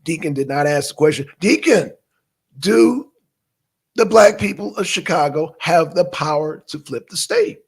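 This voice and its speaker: On this live stream, the male host's voice is on the high side, creaky and husky, and he's unhurried. He casually chats with viewers, reads out chat names, and fires off questions, animated, bursting into shouted questions and muttering to himself.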